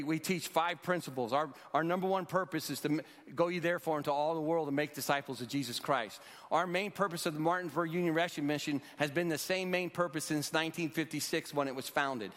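A man in his sixties who leads a rescue mission and speaks at churches gives a testimony in an earnest, storytelling preacher's style. His voice is on the high side and a bit bright, with long hall reverb.

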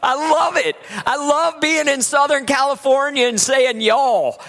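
A man from Virginia, preaching a sermon in a lively, conversational way in a church. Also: extremely high pitch, a little slow, creaky. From West Virginia. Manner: lively, conversational preaching with laughs and acted asides. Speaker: pastor. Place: church sanctuary. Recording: long hall reverb.

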